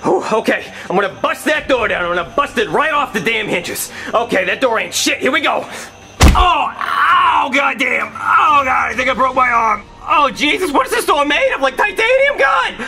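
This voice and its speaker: A man's voice: sits high, animated, brisk, hardly any pauses, sharp tone, faint music behind, full character voice. A man voicing a nervous, clumsy police officer who stammers and panics. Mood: panicky.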